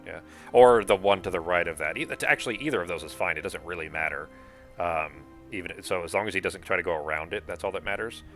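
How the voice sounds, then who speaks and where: A man's voice: low-pitched, fast talker, fairly bright tone, soft background music. A man acting as game master for a tabletop board game, thinking aloud, counting moves and swearing casually.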